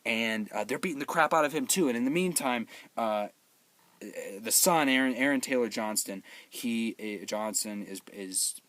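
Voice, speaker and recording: A man hosting his own show, giving an excitable, rambling, joking recap of a movie and acting out the characters' lines. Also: medium pitch, normal speed, dry recording. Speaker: movie reviewer, show host.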